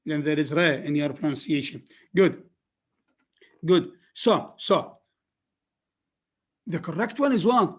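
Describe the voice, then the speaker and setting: A man's voice: on the high side, animated, takes it slowly, long pauses, husky. A man lecturing a class on phonetics, repeating words and often checking that his students follow. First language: Arabic.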